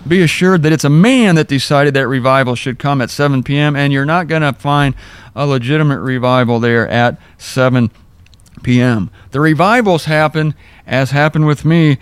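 Male Bible teacher, slightly high voice, dry close mic, wry and conversational. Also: clear, resonant tone, no echo. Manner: conversational, wry, rereads verses slowly for emphasis. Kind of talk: informal verse-by-verse Bible teaching.

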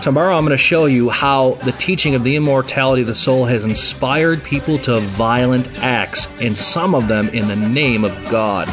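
A man's voice: mid-range voice, moderate pace, hardly any pauses, over music. Emphatic man giving Bible teaching. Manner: emphatic, animated retelling with acted quotes.

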